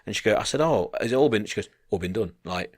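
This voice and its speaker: A man's voice: lowish voice, fast, no echo, studio quality. A man co-hosting a podcast, telling a long anecdote in casual chat, acting out people as he goes and swearing freely. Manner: animated, acts out the people in his stories, swears freely. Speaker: podcast co-host.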